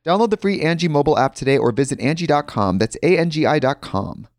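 A man's voice: a little high, expressive, fast, a little mellow, no echo. Dry, close-sounding male ad announcer. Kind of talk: scripted ad read.

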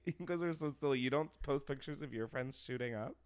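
A young man hosting a podcast, chatting casually in a gossipy, animated way, laughing often and saying "like" a lot. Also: medium pitch, fairly quick, hardly any pauses, smooth. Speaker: podcast host. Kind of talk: casual chat.

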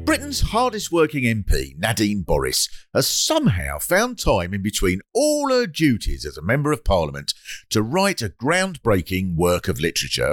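A man's voice: mid-range voice, fairly bright tone, no room sound, studio quality. A man hosting a comedy talk show, telling wry, dryly funny anecdotes in casual chat. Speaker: comedy podcast host.

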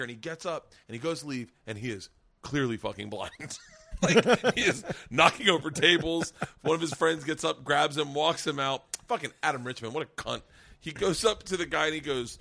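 A middle-aged man telling a story on a podcast, swearing freely and acting out every quote. His pitch rises and falls a lot, and his voice sits a little higher than most men's. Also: lively intonation, a little fast, creaky, pushed and bright. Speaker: podcast host. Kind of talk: casual storytelling chat.

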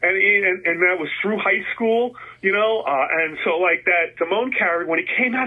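A middle-aged man from New Jersey telling stories in a casual interview as a guest, rambling with many restarts and animated when quoting himself. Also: high-pitched, fairly quick, few pauses. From New Jersey, USA. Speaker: guest, concert photographer. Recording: phone-like line, husky.

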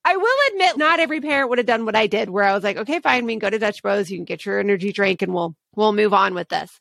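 A middle-aged woman co-hosting a casual parenting chat, telling stories in an animated way. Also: mid-range voice, fast, creaky, dry recording, studio quality. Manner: animated storyteller, acts out texts. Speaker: podcast co-host.

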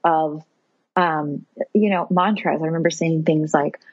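Woman podcast guest, husky voice, lively storyteller, slightly dull lo-fi recording. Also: sits low, measured pace, dry recording. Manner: animated, laughs often, fillers like "like". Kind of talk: personal storytelling.

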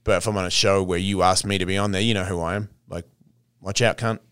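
A man's voice: low voice, little pitch movement, quick pace, fairly bright tone, clear, resonant tone, no room sound, clean studio sound. A man with an Australian accent, a podcast guest who talks bluntly, swears freely and laughs often. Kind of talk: casual interview chat.

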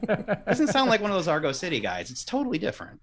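A man's voice: high voice, wildly swooping pitch, fast talker, a bit bright. A man on a casual film chat panel who jokes in a wry, dry way.

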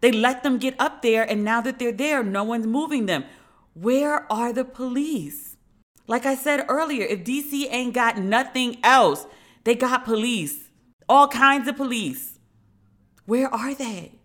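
A woman in her thirties hosting a podcast, telling a story in a casual, animated and profane way. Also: a little high, measured pace. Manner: animated, profane, emphatic retelling. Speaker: podcast host.

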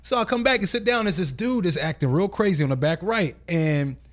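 A man whose voice sits a little high. He races through his stories in a loose, animated, easy way. This is casual banter. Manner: quick, loose, animated storytelling. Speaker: podcast co-host. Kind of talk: casual chat.

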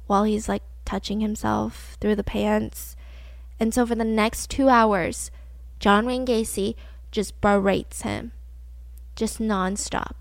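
A woman's voice: mid-range voice, steady tone, takes it slowly, creaky, no room sound. A woman co-hosting a podcast, telling a true-crime story casually, filler-heavy and acting out the quotes. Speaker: podcast co-host.

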